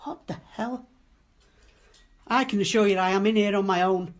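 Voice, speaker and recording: A woman's voice: medium pitch, normal speed. Scared woman pleading. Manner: frightened, pleading, swearing. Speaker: cleaner alone in a supposedly haunted house. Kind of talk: filming herself, talking to viewers and to a ghost. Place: dark empty house at night, indoors.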